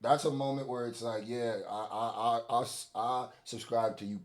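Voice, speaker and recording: A man's voice: mid-range voice, fairly even intonation, moderate pace, hardly any pauses. A man hosting a reaction video, reacting with emphatic slangy interjections. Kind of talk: reaction commentary.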